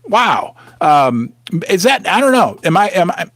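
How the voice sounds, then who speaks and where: Middle-aged male livestream host, animated and rambling, dry close sound. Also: sits high, unhurried, dry recording. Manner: rambling, restarts often, thanks viewers. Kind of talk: casual livestream chat.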